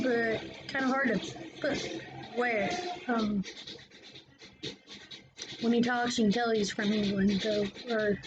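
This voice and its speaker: A woman's voice: sits high, low-quality recording. A woman vlogging a casual, rambling opinion monologue, plain-spoken and drifting from topic to topic.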